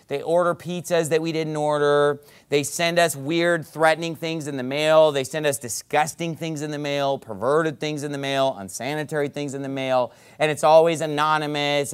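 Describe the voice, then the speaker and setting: A man preaching a sermon to his congregation, swinging from quick asides to loud, emphatic stresses on key words. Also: a little high, smooth. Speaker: pastor. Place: church service.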